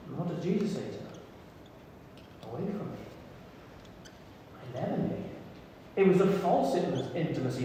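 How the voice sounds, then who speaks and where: A man preaches a sermon in an earnest, intimate way, with soft pauses. His voice sits fairly high and sounds mellow. He is picked up from a distance, with a long hall reverb and faint noise behind him. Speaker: pastor. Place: church hall.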